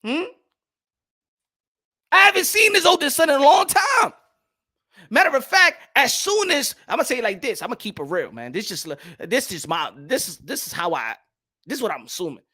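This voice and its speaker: A young man hosts a boxing talk show in a loud, animated rant. His pitch leaps all over the place, and his voice is bright and sharp. He repeats his points over and over and drops from shouting into low muttering. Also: moderate pace. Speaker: boxing commentary host.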